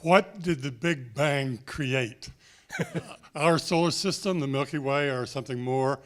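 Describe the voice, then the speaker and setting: A man's voice: mid-range voice, measured pace. Audience man asking lecture questions. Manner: reads out questions in a row. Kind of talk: question from the floor.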